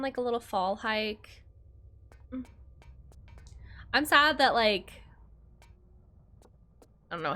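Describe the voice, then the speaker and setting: Bubbly, lively young woman streamer. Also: mid-range voice. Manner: chatty and bubbly, swears freely, greets and thanks viewers. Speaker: game streamer. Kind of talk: casual livestream chat while playing.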